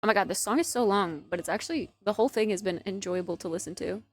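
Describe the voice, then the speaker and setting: A streamer in her twenties chats casually on her live stream, giggly and talkative and saying "like" constantly. Her mid-range voice moves fast, and the recording is dry.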